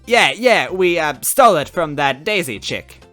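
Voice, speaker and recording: A man voicing a whiny, cowardly lanky male villain in a storybook reading, with a shrill yelping voice. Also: animated, moderate pace, fairly bright tone, faint music behind. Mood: panicky whining.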